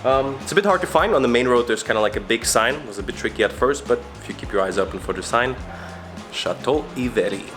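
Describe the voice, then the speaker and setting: A man's voice: medium pitch, lively intonation, quick pace, music in the background. Chatty upbeat travel vlogger man. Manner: chatty, upbeat, loose self-corrections. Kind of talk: casual travel vlog.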